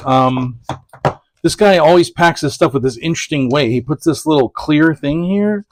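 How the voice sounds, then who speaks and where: A man's voice: on the high side, moderate pace, slight background noise. A man talking casually about prints as he opens packages, rambling and correcting himself with many fillers. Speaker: print collector vlogger. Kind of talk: casual package-opening chat.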